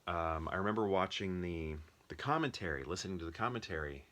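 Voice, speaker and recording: Low-voiced american guy rambling about movies, lots of ums, kinda sharp edge to his voice. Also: expressive, brisk. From United States. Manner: chatty, thinks aloud with many ums and restarts. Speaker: movie collector vlogger. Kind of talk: casual rambling commentary.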